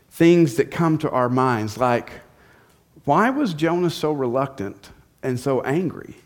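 A male pastor delivers a sermon in a fairly high-pitched voice, telling the story with conversational emphasis. He keeps stopping to ask his listeners rhetorical questions.

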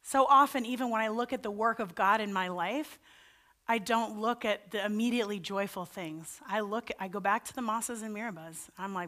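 A woman's voice: medium pitch, brisk, a bit bright. A woman pastor preaching a sermon in an earnest, conversational way. Her voice climbs when she voices her own pleas and doubts. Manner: earnest and conversational, voice rising for quoted pleas to God.

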